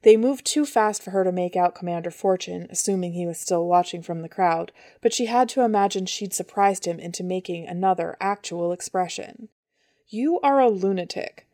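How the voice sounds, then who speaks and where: A woman reading a story as an audiobook narrator, steady and even. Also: mid-range voice, no echo, clean studio sound. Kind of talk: scripted narration.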